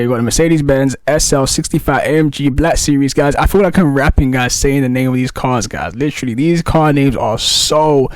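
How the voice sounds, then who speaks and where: An excitable man gives hyped game walkthrough commentary, throwing "guys" into nearly every sentence. His voice sits at a middle pitch and sounds dry and close, with no room around it. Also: dry recording. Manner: excitable, hypey, says "guys" constantly. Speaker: gaming YouTuber.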